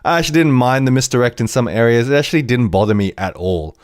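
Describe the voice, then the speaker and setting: Brief: male podcast host, chatty animated reviewer, rambling, dry recording. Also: mid-range voice, fast talker, dry recording. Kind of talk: casual TV episode review.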